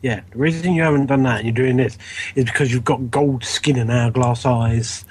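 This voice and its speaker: A man's voice: mid-range voice, fairly even intonation, fairly quick, husky. A man playing in a tabletop game, talking in a wry, teasing way. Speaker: player. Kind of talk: casual game chat.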